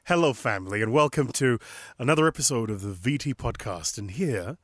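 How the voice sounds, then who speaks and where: A man's voice: medium pitch, expressive, brisk, no echo, studio quality. A man hosting a podcast, sounding tired and slightly nasal, talking casually and repeating phrases for emphasis. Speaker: podcast host.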